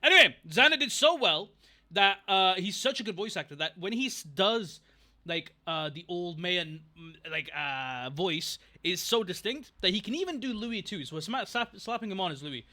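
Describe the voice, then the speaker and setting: A man's voice: sits high, animated, normal speed, sharp tone. A young man chatting casually on a livestream, rambling, getting distracted and thanking viewers from chat. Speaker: streamer.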